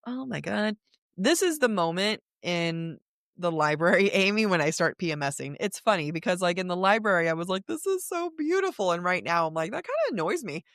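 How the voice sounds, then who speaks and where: A woman co-hosting a book podcast in casual chat, animated and laughing often as she talks through passages. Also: lowish voice, fairly quick, dry recording, studio quality. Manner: animated, laughs often, reads quotes aloud. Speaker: podcast co-host.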